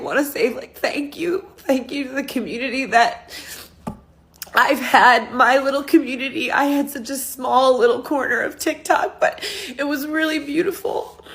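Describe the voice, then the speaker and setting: High-voiced woman speaking through tears. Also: fairly bright tone. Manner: heartfelt, halting, filler-heavy. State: crying. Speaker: social media creator. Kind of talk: emotional farewell vlog.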